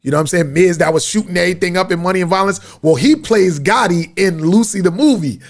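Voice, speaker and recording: A man hosts his own podcast from a studio, spinning a loose, rambling story full of street slang. His voice sits high for a man and has a rough, gravelly edge. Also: fast talker. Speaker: podcast host. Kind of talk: casual storytelling monologue. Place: media studio.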